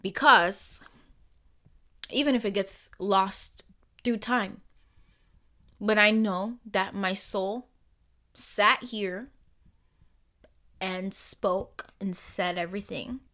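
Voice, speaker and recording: A woman's voice: mid-range voice, drawn-out words, pauses often, pushed and bright. A woman from the Caribbean hosting a podcast, speaking in an emphatic, passionate solo monologue and laughing often. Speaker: podcast host.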